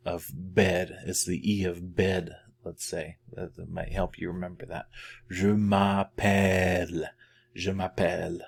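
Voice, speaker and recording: A middle-aged man teaching a beginner French lesson, patiently repeating phrases for practice. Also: sits low. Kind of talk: classroom language lesson.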